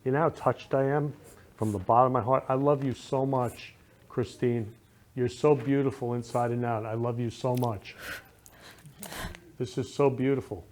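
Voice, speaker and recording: A man's voice: medium pitch, fairly even intonation, moderate pace. A man hosting a casual talk show, gushing and sentimental, showering guests and viewers with affection. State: emotional, near tears. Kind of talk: casual live show chat.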